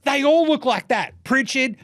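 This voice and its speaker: An Australian man hosting a basketball podcast, riffing in a jokey, profane, rapid-fire way. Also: extremely high pitch, fairly bright tone, dry recording, clean studio sound. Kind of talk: casual solo commentary.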